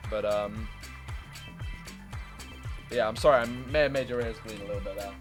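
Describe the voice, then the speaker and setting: A man's voice: fairly low pitch, moderate pace, music in the background. A young man in his twenties chatting casually on a gaming stream, rambling, swearing and laughing as he talks.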